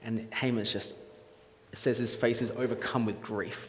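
A man's voice: medium pitch, steady tone, normal speed, a little hiss or hum. A man preaching a casual sermon in a church hall, chatty and jokey, quizzing the audience with questions. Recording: echoey hall with faint ambience.

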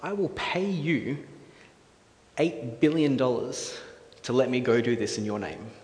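A man's voice: mid-range voice, animated, measured pace, a little mellow, close to an everyday voice. A man playing a smug, scheming male adviser to an ancient king, with a wheedling manner, in an echoey hall.

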